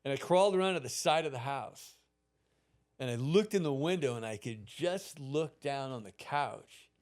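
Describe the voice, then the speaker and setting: A man's voice: mid-range voice, lively intonation, moderate pace, a little mellow. A man in his fifties, a podcast host, telling a childhood story in casual, profane chat and acting out the people in it.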